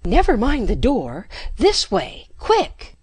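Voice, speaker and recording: A reader voicing Jennifer, an urgent, bold young woman shouting high. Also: wildly swooping pitch, measured pace, dry recording.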